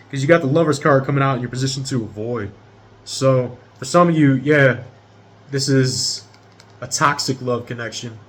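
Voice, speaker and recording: A man's voice: medium pitch, a little hiss or hum. A man in his thirties giving a casual tarot reading straight to his viewers in a rambling, profane way. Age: 30s. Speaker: tarot reader.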